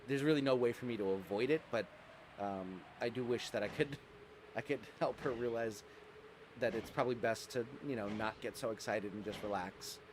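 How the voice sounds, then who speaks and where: A young man streaming a game live, chatting casually with viewers and softly cooing to his dog, rambling with fillers. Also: mid-range voice, background noise.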